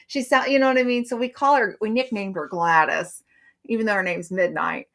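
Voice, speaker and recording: A woman's voice: medium pitch, normal speed, a bit bright. A middle-aged woman hosting a live stream, chatting casually and rambling in a friendly way.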